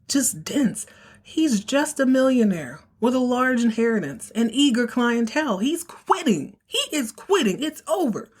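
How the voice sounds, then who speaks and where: A woman's voice: mid-range voice, breathy edge. A young woman hosting a podcast, casually recapping a soap opera episode with sass and playful acting out of lines. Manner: sassy, playful, acts out characters' lines in exaggerated voices.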